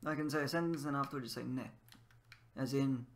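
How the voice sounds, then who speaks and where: A man's voice: mid-range voice, a little fast, a little hiss or hum. A man with a mid-range voice gives a casual gaming lesson. He is playful and laughs often, and he drills words over and over. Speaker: language teacher.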